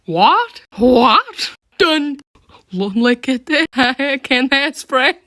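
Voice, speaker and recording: Woman, giggly reaction clip, high and swooping, slow. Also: big pitch swings, fairly bright tone, no room sound, studio quality. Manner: reading words out, breaking into shrieking laughter. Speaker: TikTok creator. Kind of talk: casual reaction video.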